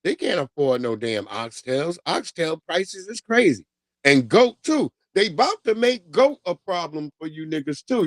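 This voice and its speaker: A middle-aged New man hosts his livestream in a loose, profane rant, swinging into laughs as he tells his stories. His voice sits a little higher than most men's. The sound is close and dry, with no room around it. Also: dry recording. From New York. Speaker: livestream host.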